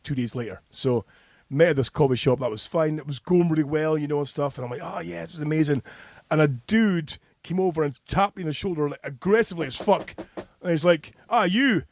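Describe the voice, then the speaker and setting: A man's voice: fairly high pitch, a little mellow, no echo. A middle-aged Scottish man telling a rowdy anecdote on a podcast, swearing freely and laughing between lines. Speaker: podcast co-host. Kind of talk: casual podcast chat.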